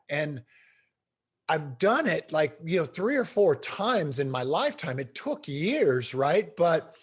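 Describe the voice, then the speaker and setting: A middle-aged man telling stories as an interview guest, animated and emphatic. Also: on the high side, slow pace, breathy edge. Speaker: guest speaker. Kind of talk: storytelling in a podcast interview.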